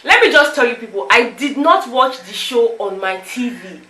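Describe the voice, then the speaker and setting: A young Nigerian woman vlogger recapping reality-show drama, animated and slipping into pidgin. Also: fairly high pitch, moderate pace. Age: young adult. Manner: animated, slips into pidgin, acts out quotes. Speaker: entertainment vlogger. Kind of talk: excitable gossip recap. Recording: roomy echo.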